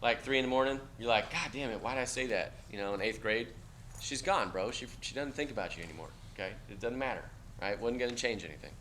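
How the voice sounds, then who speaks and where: A man's voice: fairly low pitch, fast, a bit bright, a little hiss or hum. A middle-aged man giving a casual classroom lecture, talking to students in a blunt, conversational way and tagging lines with "okay?". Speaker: university lecturer.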